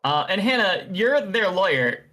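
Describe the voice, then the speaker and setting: A man's voice: high-pitched, very animated, a little slow, sharp tone. A man hosting an improvised comedy game as game master, enthusiastic and rambling with fillers.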